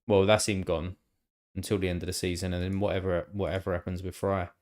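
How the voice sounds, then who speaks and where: A man's voice: low-pitched, little pitch movement, quick pace, darkish tone. A man chatting casually on a live stream, rambling and thinking aloud with lots of fillers and the odd swear word.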